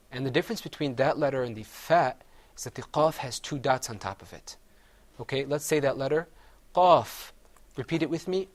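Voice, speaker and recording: A man teaching Arabic letter sounds in a class, patiently saying each one and having the group repeat it. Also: mid-range voice. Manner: explains mouth positions step by step. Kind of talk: classroom pronunciation drill.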